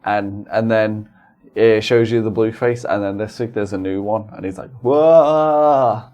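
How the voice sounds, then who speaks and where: A man's voice: fairly low pitch, little pitch movement, moderate pace, a little mellow. A man co-hosting a podcast in joking, casual chat, playful and silly. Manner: playful, silly, putting on goofy voices. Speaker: podcast co-host.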